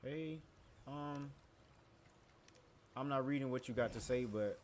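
A young man live-streaming a video game, talking to himself in a loose, joking way and swearing now and then. His pitch sits in the middle of the range, and loud game audio runs under his voice. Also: slow, slight background noise. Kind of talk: casual live-stream commentary.

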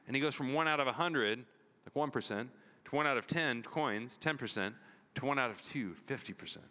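A man's voice: medium pitch, fairly quick, sharp tone. A man preaching a sermon as pastor, telling stories with acted-out dialogue and asking the congregation "right?". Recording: long hall reverb.

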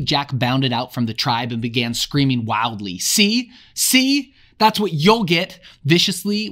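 Wry man summarizing a novel, lively pitch. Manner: wry, jokey asides between dramatic readings. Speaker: literature explainer. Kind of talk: casual chapter summary with readings.

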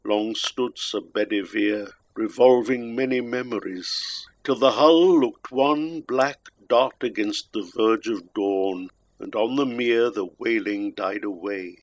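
A man giving a slow, solemn reading of a narrative poem, measured and grave. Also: lowish voice. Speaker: poetry reader. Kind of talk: slow dramatic poetry reading.

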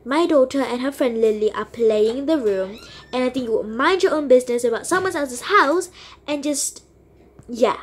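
A woman's voice: sits high, normal speed. A woman voicing an indignant mother in a toy role-play game who firmly defends her house. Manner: offended, firm.

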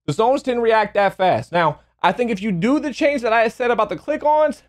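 A man's voice: very high voice, expressive, moderate pace. A young man giving a casual, emphatic gameplay review as a gaming YouTuber, a little out of breath, often repeating and restarting phrases. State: slightly out of breath.

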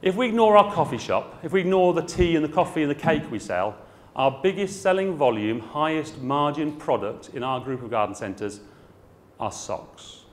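A man's voice: on the high side, animated, brisk. Frank, jokey man giving a talk. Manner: frank, chatty and jokey, with dry asides. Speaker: garden centre owner speaking at a trade show. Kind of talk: trade show talk to an audience.

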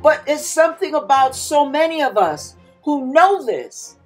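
A woman's voice: sits high, sing-song, unhurried, soft background music. A woman pastor preaching a sermon in an emphatic manner, acting out panicked cries now and then.

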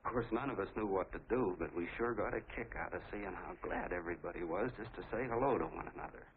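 A man plays a chatty small-town soda jerk who tells his tale in a folksy, rambling way. His American voice sits a bit low. The sound is tinny and thin, like an old 1940s film, with a faint hiss under it. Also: quick pace, lightly acted.

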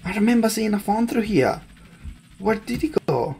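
Excitable, gravelly gamer voice. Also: medium pitch, moderate pace. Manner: excitable, panicky, laughs often. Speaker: gaming channel host. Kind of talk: gameplay commentary.

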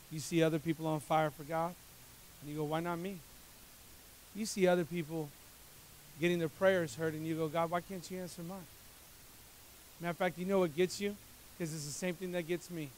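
High-voiced preaching pastor, man. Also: a little hiss or hum. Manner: preaching with dramatic swings from loud to hushed. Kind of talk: sermon.

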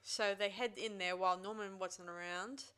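A woman's voice: medium pitch, steady tone, moderate pace, a bit bright, clean tone. A woman hosting a film review podcast, recapping the plot in a rambling way and often restarting her sentences. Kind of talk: casual chat.

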